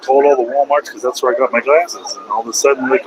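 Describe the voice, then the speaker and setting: A man's voice: mid-range voice, steady tone, fast, hardly any pauses, slight background noise, low-quality recording. Rambling trucker man vlogging from his cab. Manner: loose and conversational, slangy, repeats himself and trails off. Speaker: truck driver vlogging from the road. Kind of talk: casual rambling vlog chat.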